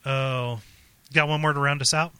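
A man's voice: fairly high pitch, sharp tone, clean tone, no echo. A man co-hosting a podcast in casual chat, stammering and repeating his words and laughing often. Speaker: podcast co-host.

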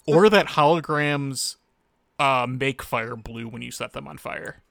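A man co-hosting a casual podcast about a show, talking in a flat, sarcastic monotone. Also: medium pitch, unhurried, vocal fry, dry recording, studio quality. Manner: deadpan, sarcastic. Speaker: podcast co-host. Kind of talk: casual chat recapping a show.

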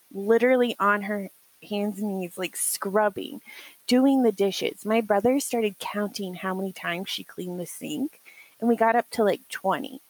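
Husky-voiced young woman telling stories. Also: medium pitch, poor audio. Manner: animated, acts out quoted voices, laughs often. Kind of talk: casual storytelling chat.

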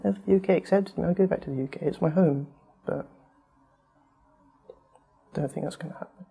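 A man's voice: a little high, normal speed, vocal fry, dark tone, breathy edge. A man in his twenties answering interview questions in a subdued, hesitant way. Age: 20s.

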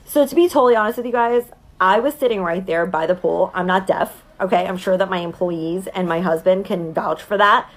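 Animated woman telling a story. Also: lowish voice, brisk. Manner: animated, emphatic, keeps checking in with "okay?". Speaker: mother and business owner telling a story to viewers. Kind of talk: casual storytelling to viewers.

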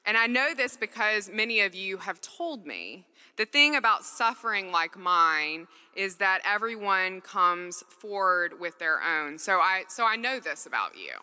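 Woman preaching, super bright voice, lively ups and downs, echoey hall. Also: medium pitch, a little slow, hardly any pauses, smooth. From Mississippi, US. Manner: earnest, conversational, acts out dialogue. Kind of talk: sermon with personal storytelling.

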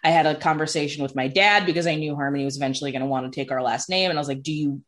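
A woman's voice: deep voice, racing. A woman in casual conversation, telling a personal story and acting out other people's lines with exaggerated voices, saying "like" often. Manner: animated storyteller, acts out quotes in exaggerated voices; says "like" constantly. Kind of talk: casual chat.

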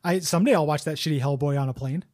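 A man's voice: fairly high pitch, very fast, background noise. A man hosting a comedy podcast, joking, laughing often and slipping into improvised bits. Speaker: podcast host. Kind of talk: comedic casual chat.

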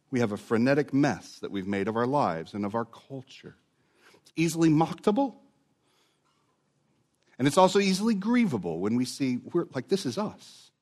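A man preaching a sermon, earnest and building to emphatic repetition. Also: medium pitch. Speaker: pastor.

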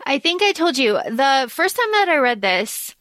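A woman co-hosting a casual book podcast, talking in animated bursts and circling back on herself. Her voice sits a little high. The recording is close and dry, with no room sound. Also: moderate pace, dry recording. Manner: animated, rambling storytelling with restarts. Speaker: podcast co-host. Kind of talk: casual chat.

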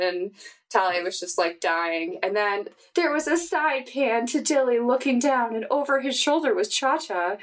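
Woman, tabletop player, chatty recap, lots of fillers, fairly high voice. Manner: chatty, animated, filler-heavy. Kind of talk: casual recap and play.

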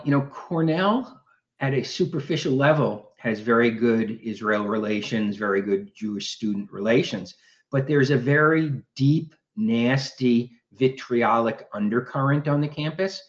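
Male radio guest on a dull line. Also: medium pitch. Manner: earnest, steady, builds arguments point by point. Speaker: guest commentator. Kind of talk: radio interview.

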